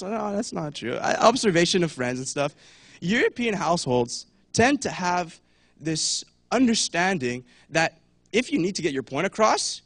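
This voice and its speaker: A man's voice: fairly high pitch, fairly bright tone, no room sound, clean studio sound. A young man giving a casual talk at church, chatty, with many fillers, and acting out voices now and then. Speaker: church speaker.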